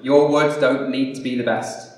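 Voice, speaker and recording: A man's voice: mid-range voice, steady tone, moderate pace. A man preaching to a church congregation, self-deprecating and rambling, then leading prayer. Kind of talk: sermon and closing prayer. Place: church hall. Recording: echoey hall, distant mic.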